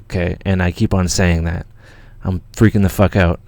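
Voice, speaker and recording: A Canadian man hosting a livestream, telling a story in an excited, rambling way with lots of swearing and restarts. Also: deep voice, moderate pace, gravelly, no echo. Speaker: channel host.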